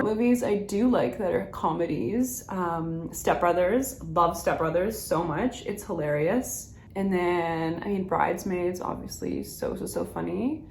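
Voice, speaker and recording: This beauty vlogger's voice is mid-range with vocal fry and a slightly mellow quality as she chats through a makeup routine, laughing and saying "like" constantly. It's a rambling get-ready-with-me, recorded in a roomy space with slight background noise.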